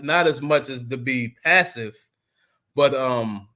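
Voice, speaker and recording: A man in the middle of the male range talks as a podcast guest over a video call. His speech is animated and emphatic, and it rambles along with lots of "you know" between the points. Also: medium pitch, slow pace. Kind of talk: casual conversation.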